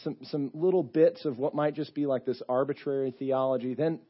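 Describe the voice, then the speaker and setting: A man's voice: mid-range voice, steady tone, fairly quick, highs cut off. A male pastor giving a sermon in a church, telling a story in a conversational way with many fillers.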